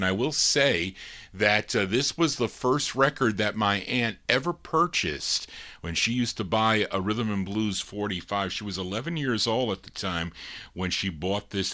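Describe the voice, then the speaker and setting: A man's voice: fairly low pitch, pushed and bright. A man hosting a live record show, chatting about old records and their labels in detail.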